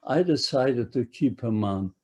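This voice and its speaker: A man in his nineties from Poland, giving personal testimony to an audience in a halting way that repeats words as he searches for them. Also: medium pitch, lively intonation, darkish tone, breathy edge. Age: 90s. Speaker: Holocaust survivor giving a talk.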